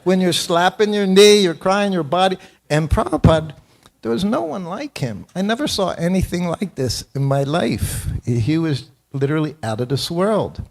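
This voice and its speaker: His voice sits high and gravelly, expressive and at a normal speed, as this seventy-something man teaches a morning class in the temple hall. The talk is anecdotal and self-deprecating, built on personal stories, and he chuckles often.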